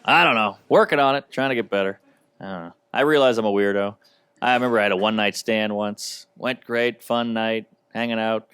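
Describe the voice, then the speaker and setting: A male stand-up comedian with a wry, deadpan, self-deprecating delivery, doing a comedy set. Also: lowish voice, fairly quick, clean tone, no echo. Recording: noisy recording of a comedy special.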